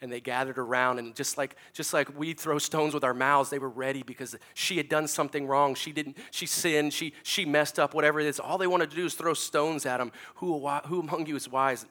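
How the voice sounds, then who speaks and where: A middle-aged man delivers a sermon with a bright, slightly high voice. He tells stories vividly, acting out sounds and voices, and pulls back to near-hushed earnestness when he drives the lesson home. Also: brisk, few pauses. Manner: animated, acts out sounds and stories, drops to hushed tones. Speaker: pastor. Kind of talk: sermon with storytelling.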